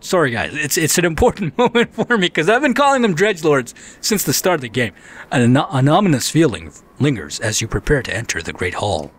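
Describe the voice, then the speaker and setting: A young man commentating a game, excitable and swearing, reading the game text aloud. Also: on the high side, brisk. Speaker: gameplay commentator. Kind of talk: let's play commentary.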